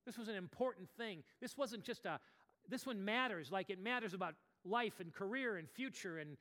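A man preaching a sermon as pastor, swinging from near-whispers to loud outbursts. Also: high voice, lively intonation, normal speed. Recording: long reverb of a large hall.

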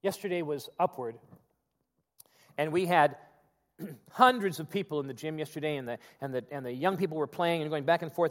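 Animated high-voiced preaching man. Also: long reverb tail. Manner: animated, swings from loud emphatic preaching to quiet asides. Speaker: pastor. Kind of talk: sermon.

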